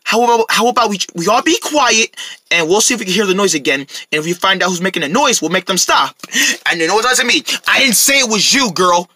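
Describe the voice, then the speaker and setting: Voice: medium pitch, animated, fast, pushed and bright, dry recording. A performer voicing a fussy, bossy young girl toy character in a kids' toy-play show, lecturing the others.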